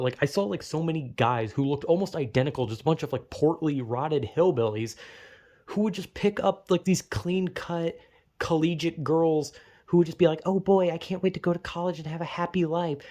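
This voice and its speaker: A man's voice: a little high, warm tone. A young man telling a rambling, profane, self-mocking comedic story.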